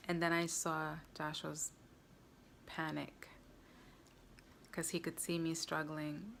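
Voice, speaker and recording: Low gravelly woman telling a story. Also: completely flat delivery, unhurried, a bit bright, a little hiss or hum. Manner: earnest, recounting with frequent "like" fillers. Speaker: vlogger. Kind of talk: personal storytelling to camera.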